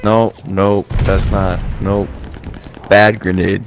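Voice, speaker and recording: A man's voice: low voice, flat delivery, takes it slowly, faint music behind, low-quality recording. A man talking on a headset in online game voice chat, blunt, exasperated and swearing a lot. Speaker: teammate in online match.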